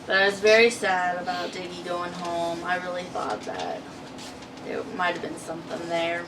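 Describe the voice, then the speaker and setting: A woman's voice: lowish voice, moderate pace. A woman co-hosting a casual TV recap, chatty and giggly, acting out quotes as she tells the story. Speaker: co-host of a TV recap channel. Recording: distant mic with noisy background.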